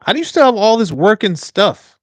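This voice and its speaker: A man hosting a livestream, reacting to a TV episode with animated, joking, slangy banter. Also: sits high, fairly quick, no echo. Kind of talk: casual reaction chat.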